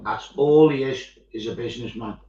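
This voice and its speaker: A man's voice: medium pitch, brisk, heavy background noise. Chatty man telling stories, echoey room. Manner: animated storytelling, swears freely, acts out quoted voices. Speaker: miniature painting streamer. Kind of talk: casual chat. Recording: echoey, dull-sounding room.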